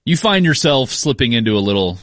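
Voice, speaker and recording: A man's voice: medium pitch, sing-song, a little fast, a bit bright, no echo, clean studio sound. A man co-hosting a sports show, wry and explanatory in casual banter.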